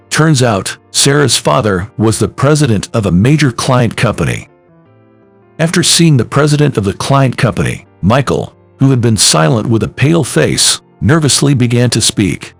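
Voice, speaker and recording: A man narrating a scripted first-person story with soft music behind. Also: mid-range voice, very animated, normal speed, vocal fry, dry recording.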